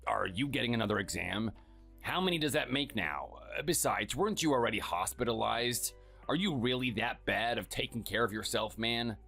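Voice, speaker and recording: A man's voice: lively intonation, moderate pace, creaky, bright, forceful tone, slightly rough, soft background music, heavily acted. A man playing a scornful, bossy husband who belittles his spouse, in a dramatized story. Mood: contemptuous. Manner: sneering and dismissive, low and clipped.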